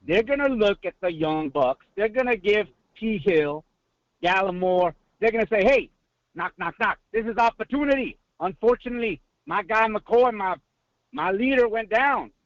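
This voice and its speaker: Pumped-up guy calling in, high voice, rapid-fire questions, dull dry line. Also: lively intonation, dry recording. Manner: hyped, preacher-like rhetorical questions, mixes in Spanish greetings. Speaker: caller. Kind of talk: excited call-in sports talk. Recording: muffled phone line audio.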